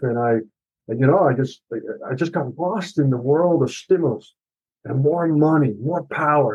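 A man's voice: a little high, husky, highs cut off. A middle-aged man, an author and podcast guest, telling his personal story in an emotional, earnest and confessional way, with some swearing.

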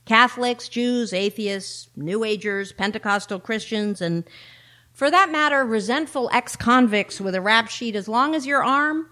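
A woman's voice: a little high, measured pace, pushed and bright. A middle-aged woman minister and chaplain preaching a sermon, telling a story in a wry, earnest way. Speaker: minister and law enforcement chaplain.

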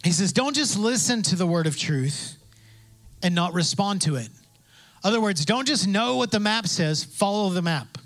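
Male pastor, high voice, lively, conversational sermon delivery with quoted voices. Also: moderate pace. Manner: animated, acts out quoted voices, builds to loud emphasis; conversational with asides and self-interruptions.

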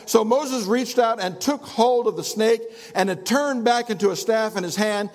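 An older man, a pastor preaching an animated sermon, swinging from loud to hushed and calling on the congregation to answer. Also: sits high, unhurried, hardly any pauses. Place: church sanctuary. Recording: long hall reverb.

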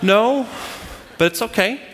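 A man's voice: very high voice, measured pace, a bit bright, long reverb tail, a little hiss or hum. A man preaching a sermon to a congregation, driving his points home with emphatic repeated phrases. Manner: emphatic, repetitive preaching cadence. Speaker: pastor.

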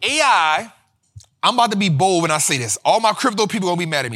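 A man hosting a finance show, talking in energetic casual commentary, slangy and animated, repeating lines for emphasis. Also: high voice, quick pace.

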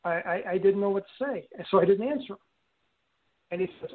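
An older man telling a personal story in an interview, speaking haltingly with frequent restarts and fillers. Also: high-pitched. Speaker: guest recounting an experience. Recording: tinny phone-line audio.

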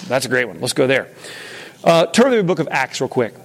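A man's voice: medium pitch, very animated, brisk, a little hiss or hum. A man leading an interactive Bible lesson, talking casually and putting questions to the room. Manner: conversational, asks the room questions. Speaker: teacher leading a Bible study.

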